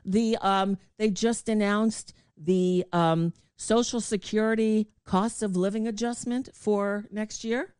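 A woman's voice: mid-range voice, steady tone, slow pace, few pauses, a little mellow, clean tone, no room sound, studio quality. An older woman hosting a show in casual chat, talkative and laughing often. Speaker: show host.

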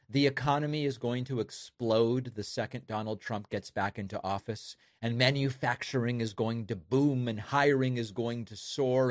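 A man's voice: mid-range voice, no echo. A man hosting a political commentary show, making dry, sarcastic remarks about clips. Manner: sarcastic, wry asides.

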